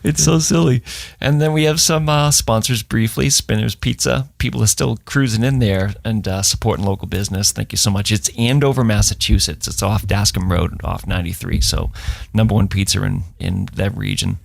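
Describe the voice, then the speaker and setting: Casting: New man, podcast co-host, low gravelly voice, dry close mic, jokey. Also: fairly even intonation, normal speed, hardly any pauses, dry recording. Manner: jokey, reads sponsor spots. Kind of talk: casual podcast chat.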